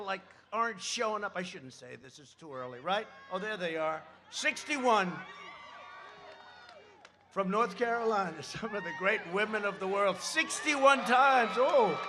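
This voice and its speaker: Man, campaign rally speech, rambling, sarcastic asides, faint background noise. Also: high voice.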